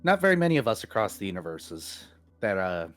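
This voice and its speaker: A man voicing a blunt, gruff middle-aged male shopkeeper who is a father, speaking in a brusque, offhand way. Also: lowish voice, sing-song, brisk, soft background music.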